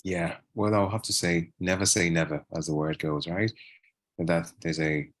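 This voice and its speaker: A man's voice: deep voice, normal speed, no echo. A man from Africa, a guest answering interview questions casually, often tagging his sentences with a question. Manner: relaxed, often ends phrases with a tag question.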